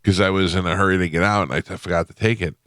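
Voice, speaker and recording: A man's voice: very fast, a little hiss or hum. A man hosting a morning radio show, telling a funny travel story in casual chat from the studio. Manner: lively, jumps into high-pitched imitations. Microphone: studio microphone.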